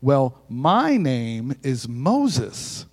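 A man voicing a sly talking parrot in a joke, with a slow, flat, deadpan delivery. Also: mid-range voice, pitched below the performer's own voice, exaggerated voice. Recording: long echo of a large hall.

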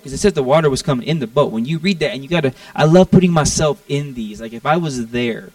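A young man from Florida preaching a casual, animated sermon and acting out the lines he quotes. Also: mid-range voice, fast talker, hardly any pauses, no room sound, distant mic, rough recording. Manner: animated, acts out quotes in a raised voice. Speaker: pastor.

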